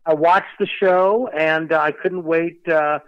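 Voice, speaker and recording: A man guesting on a podcast over speakerphone, chatty and rambling, talking a bit fast and with a slight lisp from dental work. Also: fairly high pitch, steady tone, clear, resonant tone, no room sound. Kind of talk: casual chat over speakerphone. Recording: dull speakerphone line.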